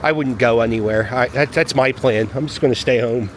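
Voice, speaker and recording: A man's voice: medium pitch, fairly quick, a little hiss or hum. A man giving rambling, wry commentary to a handheld camera as he walks his dog down a city street. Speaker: vlogger walking his dog. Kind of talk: casual walking commentary.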